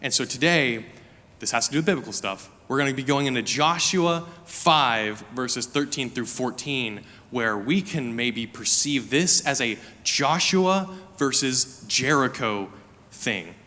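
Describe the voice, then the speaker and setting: A young man giving a sermon as a guest preacher, telling a personal story in an animated, chatty way with lots of "like" fillers. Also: mid-range voice, a little slow. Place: church sanctuary. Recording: reverberant hall.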